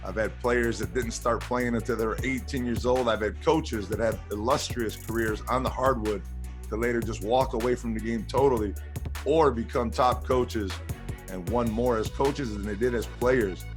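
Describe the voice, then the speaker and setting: A man hosting an interview show, talking in an easygoing, chatty way with frequent restarts. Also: medium pitch. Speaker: host. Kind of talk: interview podcast.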